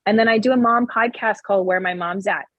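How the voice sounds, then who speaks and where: A woman's voice: mid-range voice, fast, a bit bright, no room sound, muffled recording. A woman comedian in her forties from Canada, a guest chatting casually in an interview with a wry, joking manner.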